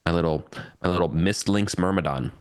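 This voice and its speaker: A man's voice: low voice, fairly quick, clear, resonant tone. A man playing in a tabletop game, talking casually in a rambling way with many fillers. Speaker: player.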